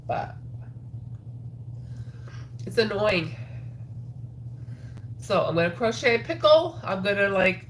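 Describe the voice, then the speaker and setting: A woman's voice: medium pitch, a bit bright, a little hiss or hum. A woman with a stuffed-up nose, hosting a crochet livestream in a rambling, chatty way full of ums. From Atlantic Canada. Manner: rambling, chatty, with frequent ums and trailing sos. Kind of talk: casual livestream chat while crocheting.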